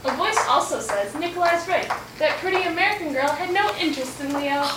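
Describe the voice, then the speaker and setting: A woman's voice: high voice, expressive, a little fast. A woman on stage playing an eccentric male Russian author who hears voices, with a theatrical, wordy, teasing manner. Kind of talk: amateur stage acting. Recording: echoey hall from far off, loud noise.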